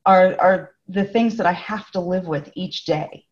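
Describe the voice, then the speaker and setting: A woman's voice: fairly low pitch, unhurried. A woman from California with a slight Australian tinge to her accent, a guest author talking upbeat in a casual interview. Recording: slightly dull lo-fi audio.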